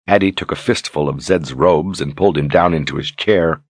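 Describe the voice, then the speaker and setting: A male audiobook narrator with a deep, husky voice delivers scripted narration in a steady, measured storytelling style. The recording is dry, with clean studio sound.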